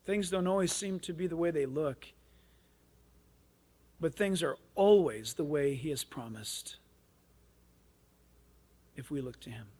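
A male pastor preaching a radio sermon, animated and storytelling, acting out the people in his story. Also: a little high, measured pace, long pauses. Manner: animated storytelling, acts out other people's voices.

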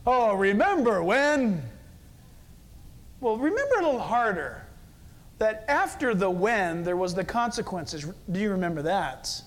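A male pastor giving a sermon in a church, telling stories and swinging between quiet earnest talk and loud, excited preaching. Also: high voice, normal speed.

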